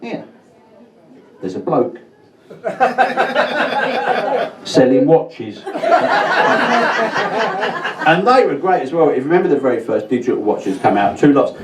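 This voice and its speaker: A man's voice: mid-range voice, very animated, moderate pace, long pauses. A man performing a stand-up comedy set in a pub, swearing often and stumbling over his words. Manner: swears a lot, stammers and restarts. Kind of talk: stand-up routine. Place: pub function room with a live audience. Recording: roomy live pub set mic'd from a distance, loud crowd laughter.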